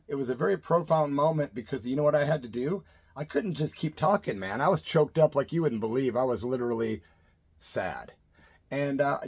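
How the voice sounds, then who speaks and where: A middle-aged man who has spent his career as a radio DJ, talking straight to his viewers in an easygoing, rambling way. His voice sits at an ordinary pitch for a man, and he keeps tacking "man" onto his sentences. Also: vocal fry, a little mellow, slightly rough. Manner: laid-back, rambling, says "man" a lot. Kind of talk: casual storytelling to camera.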